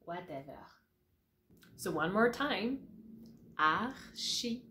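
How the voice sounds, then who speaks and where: A woman teacher takes an unhurried pace, drawing words out so the learner can follow. She repeats each example patiently and keeps checking that you're with her. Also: medium pitch, expressive, a bit bright, slight background noise. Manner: patient, repeats words slowly and often checks in with "all right?". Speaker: French teacher. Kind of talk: pronunciation lesson to camera.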